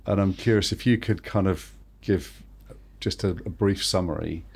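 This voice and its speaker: A man hosting an interview, encouraging and a bit halting, restarting his phrases often. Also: low-pitched, creaky, darkish tone, breathy edge. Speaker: podcast host. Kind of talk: conversational interview.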